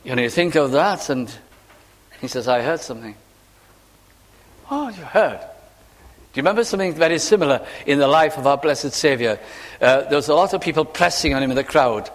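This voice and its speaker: A man's voice: a little high, fairly quick, big-room sound. A man preaching a sermon, earnest, acting out quotes and drawing out key phrases.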